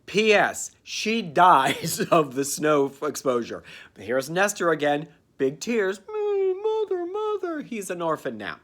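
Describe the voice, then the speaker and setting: A man giving a campy, sarcastic comedic recap of a cartoon, dropping into quick character voices. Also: on the high side, sing-song, fairly bright tone. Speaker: comedic reviewer.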